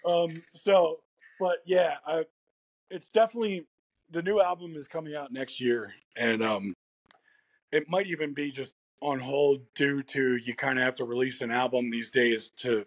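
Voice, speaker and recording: Rambly american guy in an interview, husky voice, laughs a lot, dead dry sound. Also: mid-range voice, moderate pace, no echo. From United States. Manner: laid-back, rambling, laughs often. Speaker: guest musician. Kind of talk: casual interview chat.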